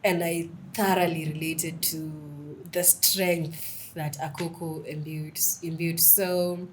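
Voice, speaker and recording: A young woman talks in a lively, animated way, her voice sitting a little low for a woman. She chats casually as a guest and tells stories with relish. Faint noise hums behind her. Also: slow pace, poor audio. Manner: lively, animated storytelling, mixes in Swahili phrases. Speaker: podcast guest, writer. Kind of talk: casual interview chat.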